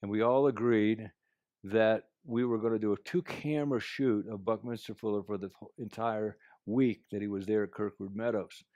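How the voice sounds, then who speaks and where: A man's voice: fairly low pitch, fairly even intonation, normal speed, dry recording, muffled recording. A man giving an earnest, anecdotal talk about negotiation, telling a personal story to make his point. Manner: earnest storyteller, drops to a quiet voice for quotes. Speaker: speaker sharing life lessons.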